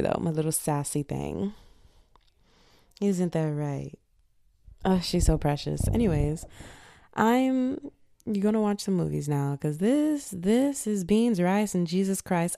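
A young woman hosting a podcast in slangy, animated casual chat, feeling a bit unwell. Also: lowish voice, takes it slowly, vocal fry, pauses often, no echo, studio quality. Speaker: podcast host.

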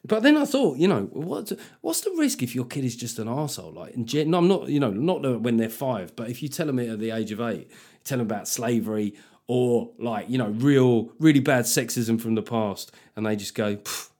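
A man's voice: medium pitch, lively intonation, a little fast, a little mellow. A middle-aged man hosting a comedy podcast, talking in a sweary, conversational way. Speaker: podcast host.

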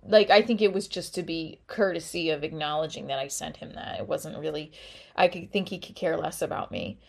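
A woman's voice: low voice, expressive, brisk, creaky. A woman in her thirties hosting a podcast, talking openly and emotionally about being hurt, swearing often. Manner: raw, emotional, frequent swearing. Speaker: podcast host. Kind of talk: candid personal monologue.

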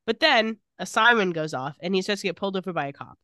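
A woman co-hosts a casual podcast, retelling an episode scene by scene and quoting the characters' lines. Her voice sits at an ordinary middle pitch. The recording is dry and close, with no room echo. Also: expressive, fast talker, pushed and bright. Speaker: podcast co-host recapping a TV episode. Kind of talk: casual chat.

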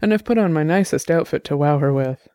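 A man reading the lines of a weary, wry investigator with a rasp in his voice. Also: fairly high pitch, fairly quick, a little mellow, no echo, clean studio sound, close to an everyday voice. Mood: dry. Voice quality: raspy.

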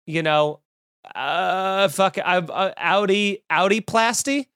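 A man's voice: high-pitched, takes it slowly, fairly bright tone, smooth, no room sound, studio quality. A man hosting a podcast, riffing in a casual, profane stream of consciousness. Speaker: podcast host. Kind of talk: casual rambling chat.

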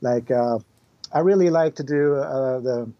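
A man's voice: mid-range voice, lo-fi sound. A man who learned English as a second language, a composer guest chatting casually with many fillers and restarts. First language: not English. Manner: halting, many fillers, laughs often. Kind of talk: casual podcast chat.

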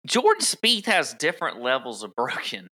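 A woman's voice: a bass voice, huge pitch swings, slow pace, pushed and bright, dry recording, studio quality. A woman co-hosting a casual fantasy golf podcast, chatty and playful, often trailing off mid-thought. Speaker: podcast co-host. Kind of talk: casual sports betting chat.

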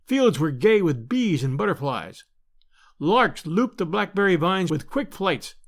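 Lively expressive male storyteller. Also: high voice. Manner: expressive, gently voicing characters. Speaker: narrator and podcast host. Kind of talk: storybook narration.

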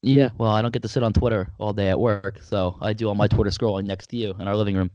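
A young man co-hosting a casual sports podcast, with quick, dry, teasing remarks. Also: lowish voice, fairly even intonation, mellow, dry recording, dull audio.

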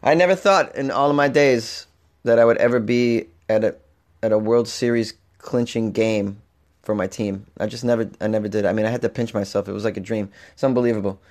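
A man hosting a comedic podcast, slightly hoarse, rambling and animated with frequent restarts. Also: fairly low pitch, brisk. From Boston, Massachusetts. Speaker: podcast host. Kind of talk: casual comedic podcast monologue.

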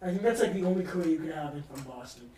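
A man's voice: a little high, lively intonation, rapid-fire, warm tone, recorded from a distance, a little hiss or hum. A man from New England hosting a podcast, telling a trip story in casual chat, rambling and swearing freely. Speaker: podcast host. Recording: roomy sound from off-mic.

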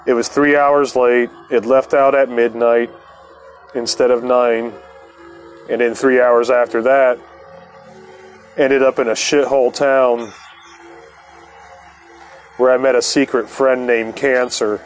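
A man's voice: mid-range voice, flat delivery, slow pace, long pauses. A man, the host, telling a long personal story in a casual, profane way, laughing often and acting out what others said. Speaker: podcast host.

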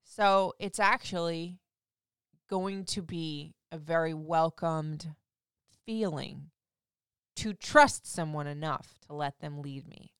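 Woman in her thirties, radio host, candid chat, smooth clear voice, dry close sound. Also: sits low, takes it slowly, no room sound. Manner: candid and chatty, swinging from loud emphasis to soft asides. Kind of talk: casual monologue.

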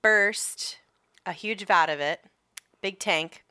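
A woman's voice: medium pitch, takes it slowly, sharp tone, smooth, no room sound, studio quality. Laid-back swearing woman podcast host. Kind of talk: casual chat.

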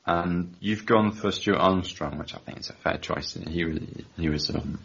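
An English man co-hosting a football podcast, excitable, swearing and laughing in casual chat. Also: low-pitched, moderate pace, creaky, slightly rough. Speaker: podcast co-host. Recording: dull lo-fi audio.

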